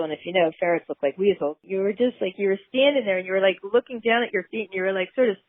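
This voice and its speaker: A woman's voice: medium pitch, steady tone, normal speed, no room sound, narrow, tinny audio. A woman guest telling a personal story in a chatty way, laughing between remarks.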